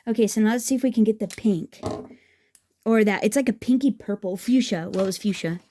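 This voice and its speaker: A woman with a soft, mellow tone talks through a scrapbooking project in a relaxed, chatty way. She gushes with enthusiasm and often restarts her sentences as she thinks aloud. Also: mid-range voice, fairly quick. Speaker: craft vlogger. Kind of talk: casual craft tutorial chat.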